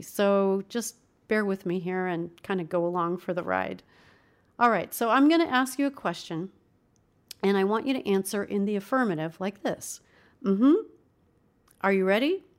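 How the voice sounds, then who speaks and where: A woman teaching a voice lesson, coaching listeners through vocal exercises in an upbeat, demonstrative way. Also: mid-range voice. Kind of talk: instructional video lesson.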